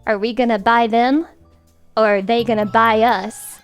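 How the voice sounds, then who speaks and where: A woman streamer chatting casually on a livestream, animated and swearing as she rants jokingly. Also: on the high side, unhurried, smooth, highs cut off, soft background music.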